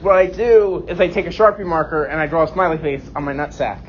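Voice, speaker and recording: A man in his late twenties doing a self-deprecating stand-up set with deadpan punchlines on a comedy club stage. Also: on the high side, fast talker, slight background noise. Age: 20s. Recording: dull lo-fi recording.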